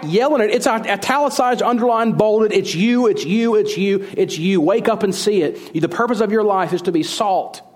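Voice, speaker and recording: A middle-aged pastor preaching with strong emphasis. His voice sits a little high for a man, and he hammers points home with repeated phrases and rhetorical questions. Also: a little mellow. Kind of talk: sermon.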